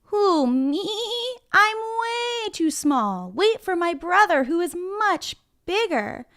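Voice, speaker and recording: Little billy goat, small and sly, very high and slow, put on by a woman teacher. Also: sing-song, fairly bright tone, exaggerated voice. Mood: innocent. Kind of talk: storybook read-aloud.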